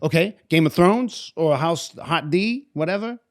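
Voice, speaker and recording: A man's voice: a little high, animated, measured pace. A young man in casual podcast chat, musing aloud, hesitant and searching for words. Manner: musing, hesitant, many fillers and restarts. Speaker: podcast co-host.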